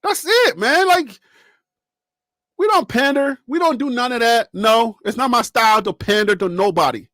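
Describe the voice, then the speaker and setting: A man with a fairly high voice hosts his own sports talk stream and speaks straight to viewers and chat. He talks in an animated way and laughs often. The mic is close and the sound is dry. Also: moderate pace, no echo. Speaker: sports channel host. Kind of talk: casual live-stream commentary.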